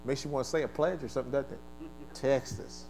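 A male pastor preaching a sermon, leading call-and-response and swinging from quiet asides to shouted exclamations, originally from the American East Coast. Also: mid-range voice, fast talker, gravelly, soft background music, low-quality recording.

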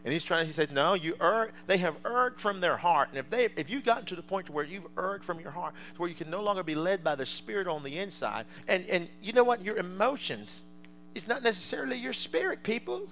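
A male preacher delivering a fervent sermon to a congregation, swinging from quiet asides to loud shouts. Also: high voice, very animated, a little fast, a little hiss or hum, rough recording.

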